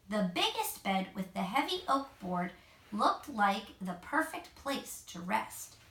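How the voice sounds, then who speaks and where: A mother reading a picture book aloud to her child at home, expressive, with gentle asides. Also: medium pitch, slow. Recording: echoey room, mic at a distance.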